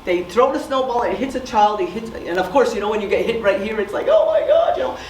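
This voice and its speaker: A woman's voice: medium pitch, quick pace, a little hiss or hum. Woman presenting in an echoey hall. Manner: storytelling, asks audience questions. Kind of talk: community presentation. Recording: echoey room from far off.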